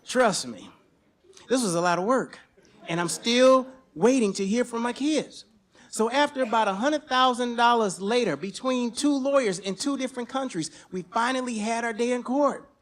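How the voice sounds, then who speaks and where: A man telling a personal story on stage at a live storytelling event, animated and profane, at times breaking into shouts. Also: extremely high pitch, moderate pace.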